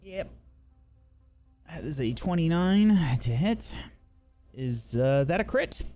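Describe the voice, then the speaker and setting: A man narrating and running a tabletop game as game master, unhurried and full of fillers. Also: on the high side, expressive, mellow, soft background music.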